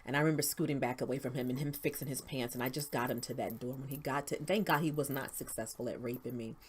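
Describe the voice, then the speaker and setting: A woman telling her personal story as an interview guest, earnest and faith-driven, sometimes dropping to a hush. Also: rumbling low, steady tone, fast, a little hiss or hum. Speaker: interview guest, founder of a women's outreach.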